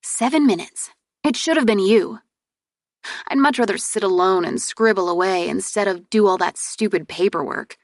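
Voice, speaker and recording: A woman reader voicing a proud, exasperated young princess heir in an audiobook, with sharp, indignant retorts. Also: mid-range voice, moderate pace, no echo, studio quality, lightly acted. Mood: earnest.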